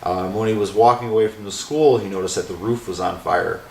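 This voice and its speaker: A man with a lowish voice and vocal fry talks a little fast amid slight background noise, roomy echo, and faint music. He owns a haunted former school and answers interview questions in a rambling, casual way, using lots of fillers.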